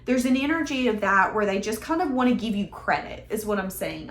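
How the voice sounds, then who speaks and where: A woman's voice: medium pitch, expressive, fairly quick. A woman giving a casual tarot reading in a chatty, emphatic, conversational way. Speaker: tarot reader. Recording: echoey room.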